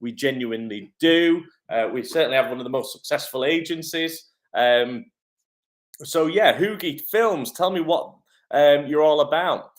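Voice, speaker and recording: A man's voice: on the high side, moderate pace. A man, an acting coach running a live-stream Q&A from his home kitchen, chatty and upbeat with lots of ums. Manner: chatty and upbeat, many "um" fillers. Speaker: acting coach and agency head.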